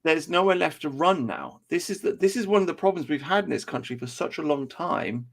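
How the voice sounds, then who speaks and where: A man's voice: fairly high pitch, lively intonation, fairly quick, vocal fry. A man chatting on a podcast, ranting and swearing heavily. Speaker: podcast co-host. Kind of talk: casual chat.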